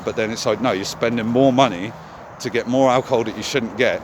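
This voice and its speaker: A man's voice: mid-range voice, brisk, hardly any pauses, noisy background. A man vlogging in a candid, casual monologue, swearing often as he talks.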